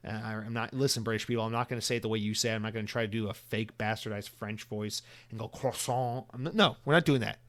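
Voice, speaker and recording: A man's voice: fairly low pitch, fairly even intonation, very fast, few pauses, a bit bright. A young American man hosting a solo podcast, talking casually in a rambling, profane way, full of restarts and fillers. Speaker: podcast host.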